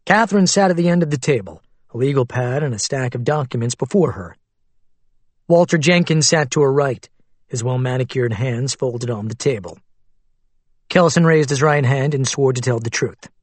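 A man narrating an audiobook in an even, plain storytelling delivery. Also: mid-range voice, normal speed, dry recording. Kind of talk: scripted narration.

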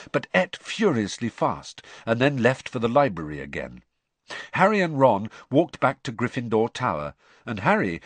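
A man narrating an audiobook in an expressive, varied manner. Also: on the low side, no room sound.

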